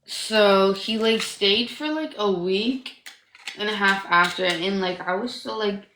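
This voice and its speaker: A woman's voice: medium pitch, slow pace, sharp tone, roomy sound, a little hiss or hum. A young woman in her twenties from Canada, telling a personal story in casual livestream chat, rambling and profane, with constant fillers like "like". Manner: rambling, profane, heavy use of "like".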